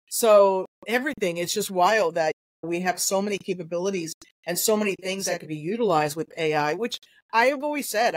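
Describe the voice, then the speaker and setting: A woman's voice: lowish voice, dry recording, rough recording. Earnest woman investigator, dry close sound. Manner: earnest, with many fillers and restarts. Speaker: investigator and trainer, guest. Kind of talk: conversational interview answer.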